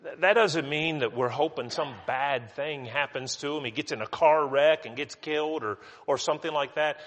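A man's voice: a little high, normal speed, a bit bright. A man from West Virginia, teaching a Bible study sermon in a conversational way with many restarts and asides. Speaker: preacher. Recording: long hall reverb.

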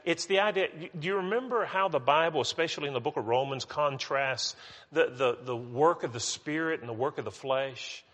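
Male preacher, slightly high voice, loose conversational sermon, long hall reverb. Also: a little fast, a bit bright. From West Virginia. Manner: conversational, many restarts and asides. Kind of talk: Bible study sermon.

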